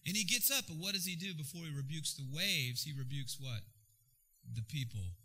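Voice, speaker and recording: Man, pastor, sermon, animated and joking, very bright voice. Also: fairly high pitch, moderate pace, husky, poor audio. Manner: animated, jokey preaching with sudden bursts.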